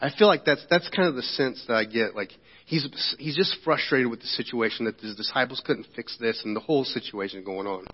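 Speaking fairly quickly in a husky, mid-range voice, a pastor preaches to his congregation, often checking in with them in a conversational manner. The setting is a church sanctuary, recorded with hall echo and dull lo-fi sound.

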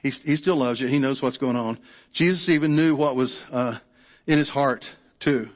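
A man's voice: medium pitch, moderate pace. A middle-aged man preaching a sermon, talking in a loose conversational way, often repeating words and checking in with the congregation. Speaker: pastor. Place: church sanctuary. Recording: long church hall reverb.

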